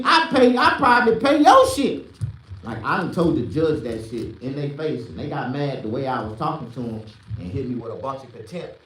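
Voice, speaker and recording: A man delivers a rambling, profane stand-up rant, lurching from yelled lines to muttered asides. His voice is a little high and bright, with lively swings in pitch. It sounds a bit off-mic and bounces around a roomy, echoey space. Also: far from the mic. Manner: loud, swinging between shouted bursts and low mutters. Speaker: stand-up comedian.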